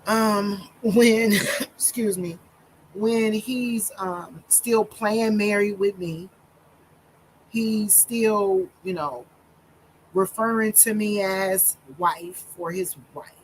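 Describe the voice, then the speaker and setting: Woman minister, slow and halting delivery, fighting tears, mid-pitched voice. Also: a little hiss or hum, low-quality recording. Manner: slow, deliberate talk with many pauses and fillers. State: holding back tears. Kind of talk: personal storytime monologue.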